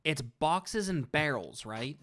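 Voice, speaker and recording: A man's voice: fairly high pitch, lively intonation, slow pace, fairly bright tone. A man playing in a tabletop game, thinking aloud with hesitant, joking asides. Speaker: player. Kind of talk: casual chat during a tabletop game.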